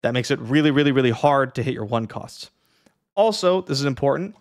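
A man casually explaining a strategy game to beginners in a chatty, lively way, with many fillers and the odd yawn. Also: medium pitch, fairly quick. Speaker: streamer teaching a strategy game. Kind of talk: casual tutorial talk.

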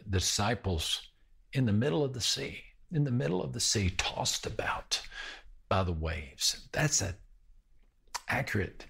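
A male pastor preaching a sermon in a slow, measured way, with pauses and repeated phrases. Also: fairly low pitch, husky.

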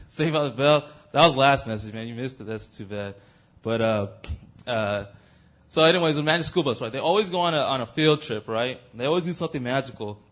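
A young man leading a youth bible study, joking and animated as he teaches. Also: medium pitch, moderate pace, pauses often. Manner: animated, joking, breaks into sung and mimicked bits. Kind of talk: lively youth group teaching.

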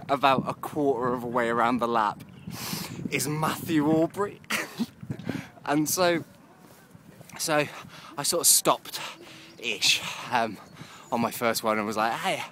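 Vlogger, man, rambling and chatty, lively up-and-down delivery. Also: mid-range voice, noisy background. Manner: rambling, chatty, laughs often. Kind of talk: casual video diary.

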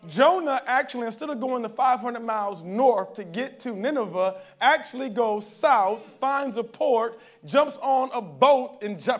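Guy preaching at church, fairly high voice, chatty sermon, keeps asking the crowd "all right?". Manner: conversational preaching, keeps checking in with the congregation. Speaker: pastor. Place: church service.

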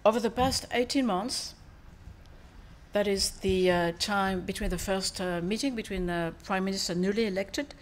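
A woman with a French accent and French as her first language, a foreign minister delivering a formal speech and taking questions, measured with frequent pauses and fillers. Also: medium pitch.

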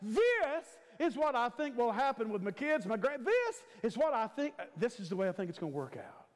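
High-voiced preacher man in his fifties. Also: very animated, moderate pace. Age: 50s. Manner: emphatic, repetitive preaching cadence with stretched words. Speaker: guest preacher. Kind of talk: sermon. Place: church sanctuary. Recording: long church hall reverb.

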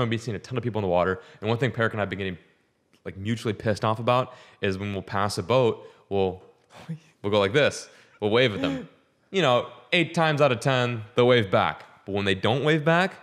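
A young man co-hosting a casual chat, talking in a profane, animated rant. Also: fairly low pitch, a little fast. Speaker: podcast co-host.

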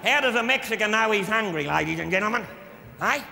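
Sir Les Patterson, a drunk, gravelly Australian diplomat. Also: male voice, sits high, lively intonation, quick pace, pushed and bright, exaggerated voice. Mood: boorish. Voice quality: gravelly, blustering and vulgar. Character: crude boozy middle-aged Australian diplomat man, boorish. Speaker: comic stage character. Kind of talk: live stand-up monologue. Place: large concert hall with audience. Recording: live hall recording with long reverb.

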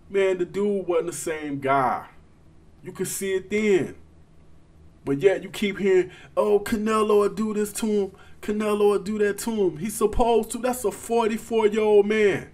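A man's voice: sits high, a little mellow. A man hosting casual boxing commentary, talking straight to his viewers with emphasis.

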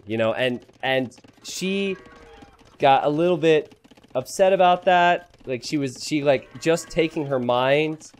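A young man casting a game live for his stream, joking with chat and teasing himself in an excitable way. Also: a little high, measured pace.

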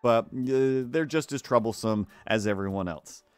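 A man's voice: mid-range voice, moderate pace, clear, resonant tone, dry recording, soft background music. A man rambling sarcastically through a neighbor story during a casual art stream, acting out the quoted voices. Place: home art stream setup.

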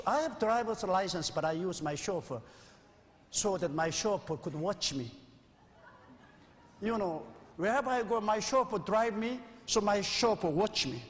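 A man in his sixties, a pastor preaching an earnest, confessional sermon in a church sanctuary. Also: high-pitched. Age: 60s. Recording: old VHS recording with long reverb.

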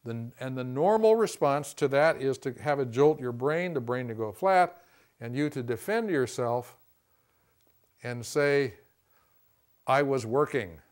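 A man teaching a class on communication, folksy and conversational, often saying "see" and "you know" and acting out quick quotes. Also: medium pitch, animated, darkish tone. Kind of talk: classroom lecture.

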